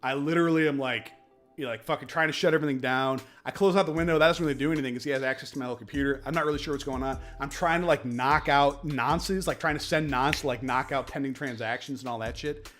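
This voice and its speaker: A man's voice: medium pitch, fast talker, a bit bright, soft background music. A man streaming casually from his home office, telling a story in a profane, emphatic way. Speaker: crypto streamer. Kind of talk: casual livestream chat.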